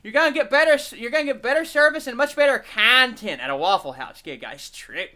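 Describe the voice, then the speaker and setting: A man's voice: very high voice, animated, fast, sharp tone. A man giving casual, profane, mocking commentary over a video, laughing and repeating catchphrases.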